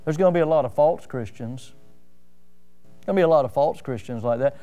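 A man preaching a sermon, telling homely stories with fillers and swinging from loud rises to soft drops. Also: mid-range voice, expressive, a little fast, soft background music. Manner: folksy storytelling with fillers. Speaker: pastor.

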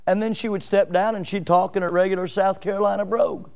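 A man pastor preaching a sermon in an animated, emphatic way, full of rhetorical questions. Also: high-pitched, fast talker, creaky, clean tone.

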